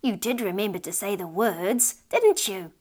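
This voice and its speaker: A fretful, scolding old farmer's wife in a storybook , voiced by a woman narrator. She speaks in a raised, sharp voice and nags her husband. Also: mid-range voice, measured pace, slightly rough. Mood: questioning.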